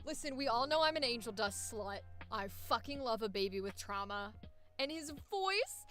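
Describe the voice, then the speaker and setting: An excitable woman voice actor chats casually with her stream, laughing and swearing freely. Her voice is bright and animated, a little high. Faint music runs behind her. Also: unhurried. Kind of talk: casual livestream chat.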